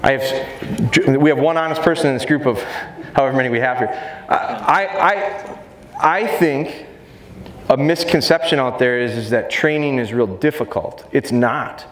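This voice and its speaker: A middle-aged dog trainer energetically addresses and jokes with a live audience at a seminar in a large exhibition hall. His mid-range voice moves at normal speed, with a little hiss or hum, roomy echo and faint crowd noise.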